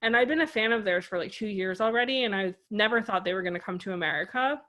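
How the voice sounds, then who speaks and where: A woman's voice: medium pitch, fast talker, sharp tone. A woman co-hosting a podcast, telling a long personal story in a loose, rambling way and saying "like" constantly. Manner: rambling storyteller, heavy use of "like". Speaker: podcast co-host. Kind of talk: casual podcast chat.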